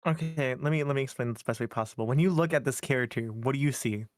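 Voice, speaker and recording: A man joking around on a live stream, swearing freely and teasing his friend with theatrical flair. His voice sits at a middling pitch for a man. The sound is dry and close. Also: rapid-fire, no echo. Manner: profane, teasing, theatrical outbursts. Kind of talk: casual chat on a live stream.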